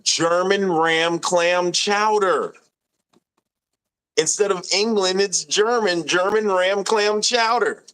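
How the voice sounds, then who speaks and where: Young male streamer, relaxed unhurried delivery, slightly high voice, amused and chatty. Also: clear, resonant tone. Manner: laid-back, laughing, drawn-out readings. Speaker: live stream host. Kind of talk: casual live stream chat reading comments.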